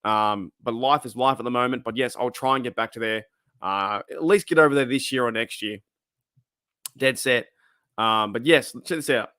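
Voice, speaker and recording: A man's voice: mid-range voice, moderate pace, bright, forceful tone, clear, resonant tone, no room sound, studio quality. An Australian man hosting a casual livestream, chatting, laughing often and reading out viewer comments. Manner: chatty, laughs often, reads chat aloud. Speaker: livestream host.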